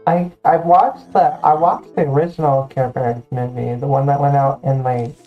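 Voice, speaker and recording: A woman's voice: extremely low pitch, fairly even intonation, normal speed, dull audio, faint music behind. A woman hosting a stream, chatting casually with a friend and joking playfully. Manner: playful, jokey banter. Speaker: streamer host. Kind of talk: casual chat on a game stream.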